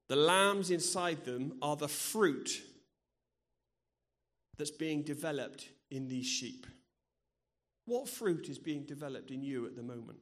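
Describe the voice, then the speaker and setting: Man, middle-aged, preaching a sermon, earnest, personal, slightly high voice. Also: fairly bright tone. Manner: earnest and personal, sharing stories from his own life.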